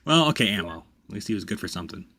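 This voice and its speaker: A man hosting a let's play, commenting on the game with loud, profane reactions and self-mocking jokes. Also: on the low side, big pitch swings, rapid-fire, slightly rough, soft background music. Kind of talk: gameplay commentary.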